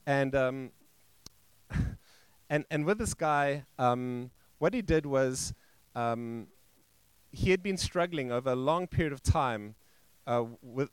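A male pastor telling a story in a sermon, halting and restarting, and acting out the quoted voices. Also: medium pitch, clean tone, no echo. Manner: halting, with frequent restarts and fillers. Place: church.

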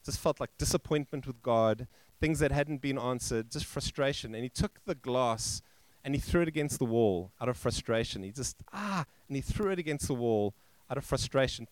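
A male pastor telling a story in a sermon, halting and restarting, and acting out the quoted voices. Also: mid-range voice, no room sound. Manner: halting, with frequent restarts and fillers. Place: church.

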